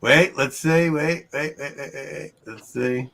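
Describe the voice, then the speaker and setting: A trivia show host from Long Island, New York, runs a casual livestream from home with a fairly high, slightly bright voice. Upbeat and chatty, he laughs often and throws quick asides to the chat.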